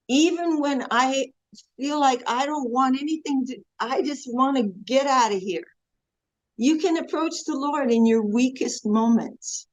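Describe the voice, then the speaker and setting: Slow-speaking woman spiritual teacher. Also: high-pitched, expressive, darkish tone. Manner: earnest, storytelling with many quoted prayers. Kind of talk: devotional class talk. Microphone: video call. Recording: dull lo-fi video call audio.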